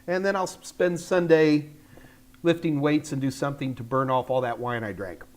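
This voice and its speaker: A man's voice: medium pitch, fairly even intonation, normal speed, a little mellow. An older man from the United States hosting a live tech Q&A, rambling in a chatty, self-deprecating way. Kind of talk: casual livestream chat.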